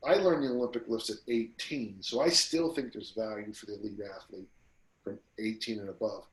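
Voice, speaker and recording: Animated storytelling man in a roomy space. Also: on the low side, brisk. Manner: animated storyteller who acts out quotes. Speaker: podcast guest, strength coach. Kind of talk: casual interview storytelling. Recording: roomy echo.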